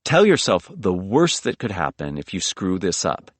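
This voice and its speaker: Reading from a self-help audiobook script, a male narrator with a low voice moves at a moderate pace with big pitch swings. He guides listeners through speaking exercises instructively, and the recording is dry.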